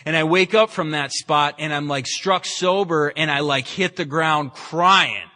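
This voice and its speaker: A man's voice: a little high, unhurried, sharp tone. A man giving a candid, self-mocking personal recovery talk at a meeting, telling his story with many restarts. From San Francisco, California. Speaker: AA meeting speaker. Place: meeting room.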